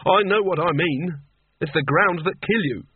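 A fretful, cowardly wizard, as a man reads him out, quick to protest in urgent tones. The husky voice sits in a dry, phone-thin recording. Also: fairly high pitch, no room sound, pitched above the performer's own voice. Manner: urgent, complaining. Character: nervous, cowardly male wizard, jumpy and sarcastic. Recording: tinny narrow-band, dry.

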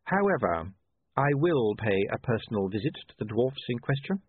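A man voicing a cool, calculating male ruler who speaks in a precise, measured, dryly sardonic way. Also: mid-range voice, very animated, husky, no echo. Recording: tinny phone-like line.

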